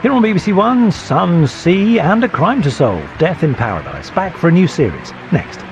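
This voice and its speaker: High punchy TV announcer. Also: male voice, sing-song, moderate pace, over music. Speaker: continuity announcer. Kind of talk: broadcast trailer voice-over.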